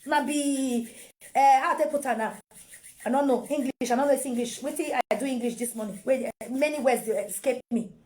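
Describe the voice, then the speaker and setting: A woman's voice: sits high, brisk, a little mellow. A Nigerian woman and mother giving casual parenting advice to camera, repeating phrases and mixing in pidgin.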